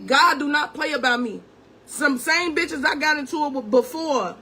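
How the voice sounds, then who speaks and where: A young woman vlogger launches into an angry, profane storytime rant, confronting her viewers directly and calling them "gang." Her voice is high-pitched, pushed, and bright, at a normal speed.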